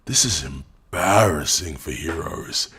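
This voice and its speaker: Deep, husky, mocking male commentator. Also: expressive, slow, pushed and bright. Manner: mocking, profane, ranting. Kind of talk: reaction commentary.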